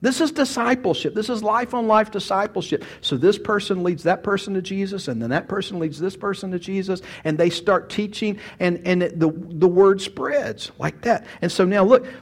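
A man's voice: high voice, moderate pace, few pauses. A man preaching a sermon, a folksy storyteller who often restarts his sentences. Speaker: pastor.

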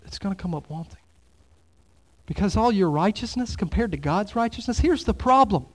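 A man preaching a sermon as pastor, swinging between loud exclamations and hushed, near-whispered lines. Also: high-pitched, lively intonation, a little fast, a little hiss or hum.

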